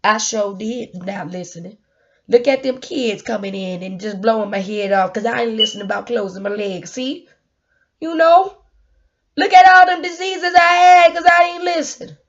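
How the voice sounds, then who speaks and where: Woman, motivational vlog talk, laughing and rambling, loud then hushed, muffled recording. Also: on the high side, fairly even intonation, normal speed. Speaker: motivational vlogger. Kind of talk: casual motivational monologue.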